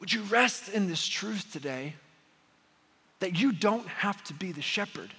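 A young pastor delivers a sermon in a high, bright voice with a husky edge, shifting between relaxed storytelling and impassioned preaching. He's expressive and a little slow, leaving long pauses, while a large hall's long reverb trails each phrase.

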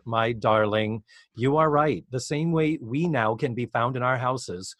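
A man's voice: mid-range voice, no room sound, studio quality. A man co-hosting a podcast, recapping an episode in casual chat and acting out the lines he quotes. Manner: animated, acts out quotes in raised voices. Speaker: podcast co-host.

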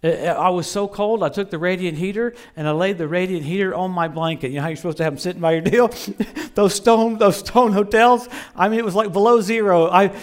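Middle-aged male preacher, high-pitched, animated storyteller, loud peaks and hushed asides. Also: fairly quick. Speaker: visiting preacher. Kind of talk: storytelling sermon.

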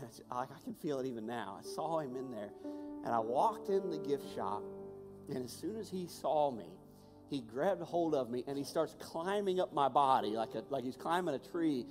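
A man preaching a sermon and telling a personal story, swinging between hushed and raised voice with passion. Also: fairly high pitch. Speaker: pastor. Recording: long hall reverb with music behind.

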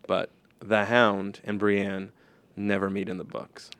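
A man in relaxed casual chat, chiming in and explaining story details. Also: on the low side, takes it slowly, clear, resonant tone, dry recording.

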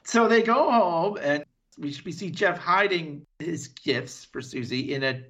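A man co-hosting a podcast, retelling a TV episode in casual chat and slipping into quick voices for the characters. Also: a little high. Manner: animated retelling with quick impressions and laughs. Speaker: podcast co-host.

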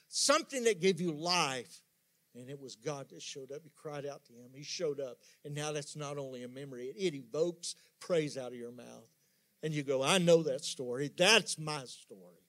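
A man delivering a sermon from the pulpit, his voice pitched a little above the usual. He preaches with emphasis, climbing into loud bursts and then falling back to soft, almost hushed asides. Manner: emphatic preaching with sudden soft drops and rising outbursts. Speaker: pastor.

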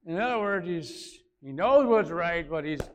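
A man's voice: a little high, expressive, normal speed. A man preaching a conversational sermon, repeating phrases and rising to emphatic peaks. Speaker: pastor.

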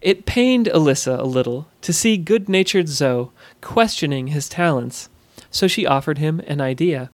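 A man narrates a scripted fantasy story in a measured, steady voice pitched a little higher than most men's. The recording is dry and close, with no room sound or echo.

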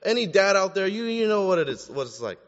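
A man's voice: high-pitched, big pitch swings, quick pace, fairly bright tone. A man preaching a sermon in a conversational style, with joking asides to the congregation. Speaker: pastor. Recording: dull sound with long hall reverb.

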